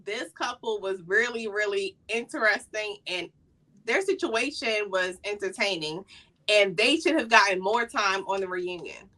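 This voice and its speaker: Bright-voiced woman hosting a casual chat. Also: mid-range voice, a little slow. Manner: expressive, emphatic. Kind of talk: casual chat reviewing a reality show.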